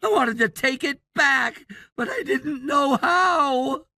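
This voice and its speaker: A woman voicing a high-school boy in a text-story drama who shouts demands and then pleads tearfully. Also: slow, dry recording, clean studio sound, full character voice. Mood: tearful remorse.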